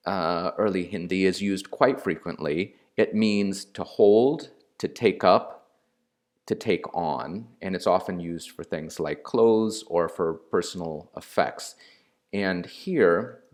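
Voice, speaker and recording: A man giving an explanatory lecture, slow and deliberate with pauses and fillers. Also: sits low.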